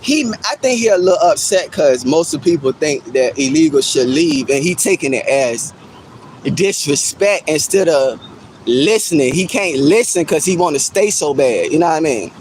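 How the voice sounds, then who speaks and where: High-voiced man teasing his stream chat. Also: expressive, moderate pace, a little mellow, slight background noise, low-quality recording. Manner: teasing, laughing at chat, repeats himself. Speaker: livestreamer reacting to chat. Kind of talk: casual livestream chat. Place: outdoors.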